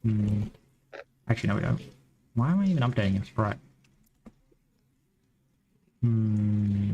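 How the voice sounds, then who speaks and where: A man's voice: lowish voice, a little slow, long pauses, warm tone, a little hiss or hum, rough recording. A man with a Western Australian accent who rambles and thinks aloud while coding on a live stream. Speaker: game developer streamer.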